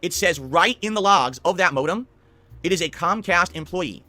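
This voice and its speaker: A man's voice: sits high, lively intonation, moderate pace, sharp tone, no echo, soft background music. A man streamer ranting to his camera, insistent and repetitive.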